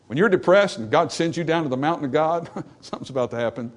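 A man preaching a sermon, animated and acting out the voices in the scripture passage, then dropping to softer, reflective tones. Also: a little high, quick pace. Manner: animated, acts out dialogue from scripture. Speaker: pastor.

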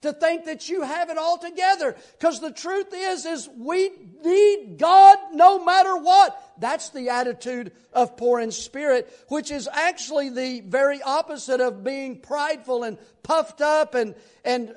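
A man with a strikingly high voice preaches a sermon from the pulpit. He talks to his congregation in a folksy, conversational way and keeps asking them rhetorical questions.

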